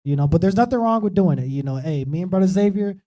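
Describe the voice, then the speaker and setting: Man teaching scripture, dark mellow voice, chatty, keeps asking "right?". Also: high-pitched, lively intonation, fast. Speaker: preacher. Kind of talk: informal Bible study teaching. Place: streamed church talk show.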